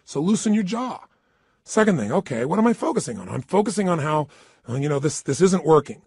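A man's voice: fairly high pitch, sing-song, fairly quick, a little mellow, breathy edge, dry recording, studio quality. A man giving a motivational talk. He speaks emphatically, asks rhetorical questions and acts out people's inner voices.

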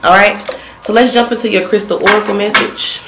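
A woman's voice: mid-range voice, fairly even intonation, brisk, very noisy. A woman from the Southern US with a Southern accent, giving a casual tarot reading in a brash, profane and comical way, rattling off long lists of words. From Southern United States. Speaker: tarot card reader.

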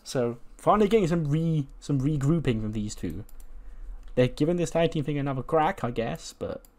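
A man's voice: fairly high pitch, lively intonation, moderate pace, a little mellow. Rambling man narrating a wrestling game. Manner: rambling, casual, swears. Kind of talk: casual play-by-play narration.

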